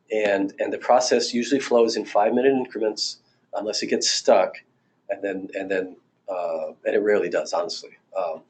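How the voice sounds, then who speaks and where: Lowish-voiced older man, relaxed presenter. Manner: conversational, anecdotal, with fillers and restarts. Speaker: marriage therapist. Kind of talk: recorded training presentation.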